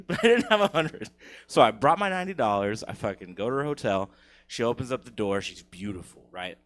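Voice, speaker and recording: A man in his thirties doing a crude, profane stand-up comedy set on a theater stage, laughing at his own jokes. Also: on the low side.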